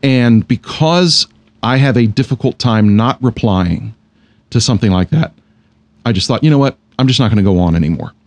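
A man's voice: mid-range voice, animated, moderate pace, no echo. A man co-hosting a podcast in casual conversation, chatty and self-deprecating, laughing often. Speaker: podcast co-host.

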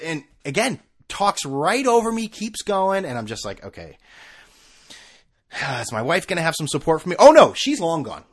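A man's voice: fairly high pitch, fairly bright tone. A man hosting a podcast, rambling through a self-mocking comic story with many restarts. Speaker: podcast host. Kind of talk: comedic storytelling.

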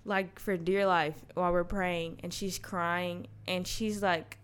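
A young woman in casual conversation, telling a story with frequent laughs and lively quoted voices. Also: on the low side, takes it slowly, clean tone. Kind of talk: casual chat.

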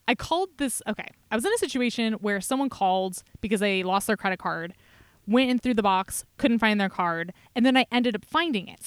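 A young woman co-hosting a casual podcast chat, telling an animated story about a rude caller from her bartending job. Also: medium pitch, smooth, dry recording. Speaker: podcast co-host; bartender at a brewery taproom.

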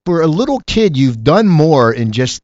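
A man from the eastern United States hosting a casual interview, rambling and restarting his questions excitedly. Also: a little high, normal speed, dry recording, highs cut off. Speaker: interviewer host.

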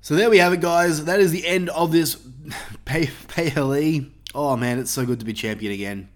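A man's voice: a little high, normal speed. A man hosting a casual podcast, gloating and bragging in a swaggering wrestling-promo manner, with swearing. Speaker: podcast host.

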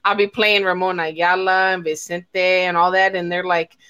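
A woman's voice: lowish voice, little pitch movement, normal speed, bright, forceful tone, clear, resonant tone, dull audio. A woman hosting a casual live chat, telling stories full of swearing and laughter. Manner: profane, laughing storyteller. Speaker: host.

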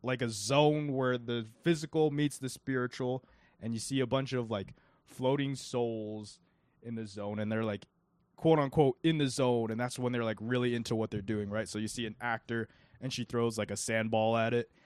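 A young man talks casually on a podcast, rambling on about a film and padding his sentences with fillers. His voice sits at an ordinary middle pitch. The sound is close and dry, with no room around it. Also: fairly even intonation, moderate pace, a little mellow, clear, resonant tone, no room sound. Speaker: podcast co-host. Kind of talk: casual movie review chat.

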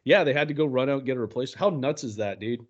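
A man co-hosting a casual movie podcast, excitable and laughing often, swearing freely. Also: mid-range voice, very fast, muffled recording. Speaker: podcast co-host.

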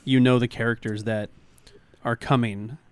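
A man's voice: mid-range voice, little pitch movement, normal speed, clean tone, dry recording. A man co-hosting a casual movie podcast, speaking tentatively and hedging. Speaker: podcast co-host. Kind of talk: casual chat.

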